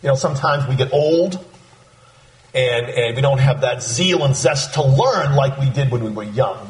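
A man's voice: mid-range voice, reverberant. A man preaching a sermon, walking through a scripture passage and acting out the disciples' lines. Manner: animated, acts out voices of disciples.

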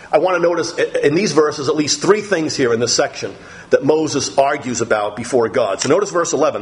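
A man preaching a sermon, reading scripture aloud and acting out the quoted voices with sudden, dramatic lifts in his voice. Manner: animated, acts out quoted speech with big pitch jumps.

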